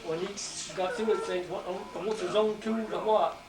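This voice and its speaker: An older man, telling rambling stories quickly at a family gathering. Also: sits high, steady tone. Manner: rambling storytelling, quick talker. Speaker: family elder. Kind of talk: casual family chat. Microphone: camcorder microphone from across the room. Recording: roomy, distant home camcorder audio with crowd noise.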